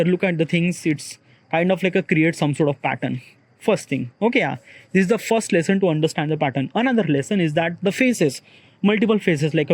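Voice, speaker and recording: A man's voice: a little high, darkish tone, no echo. A man with an Indian accent, talking through ideas in an unscripted solo monologue, rambling and filling gaps with "okay, yeah". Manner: rambling, constantly repeats "okay, yeah" and "kind of like"; searching for words, many restarts. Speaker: solo podcaster.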